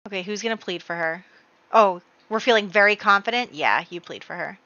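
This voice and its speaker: A woman hosting a casual gameplay video, excitable and full of exclamations as she talks to her viewers. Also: mid-range voice, brisk, no echo, highs cut off. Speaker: let's play host.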